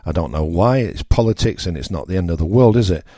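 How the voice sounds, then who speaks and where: A radio host with a northern English accent holds forth in a blunt, ranting monologue, hammering his points with repetition. His voice sits on the low side, and the recording is dry and close with no room around it. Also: expressive, fast talker, dark tone, dry recording. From northern England. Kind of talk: opinionated political monologue.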